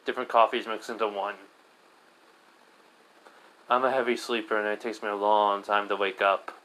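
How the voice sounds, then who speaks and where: A man's voice: on the low side, flat delivery, normal speed, pushed and bright, voice pushed down, low-quality recording. A man voicing a weary, earnest young male hero student who lectures at length.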